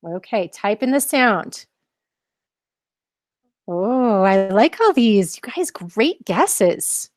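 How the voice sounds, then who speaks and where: A woman's voice: medium pitch, very animated, extremely slow, pauses often, a little mellow, no echo, studio quality. A woman leading a live online mindfulness lesson for children, encouraging them and asking many questions. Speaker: mindfulness teacher.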